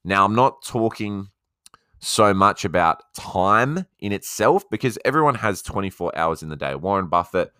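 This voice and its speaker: A low-pitched Australian man talks through his solo podcast on a close mic. His voice is smooth and resonant, and the recording is dry with no room sound. He speaks casually and often answers questions he imagines his listeners asking. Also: lively intonation, normal speed, bright, forceful tone, no echo. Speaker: podcast host.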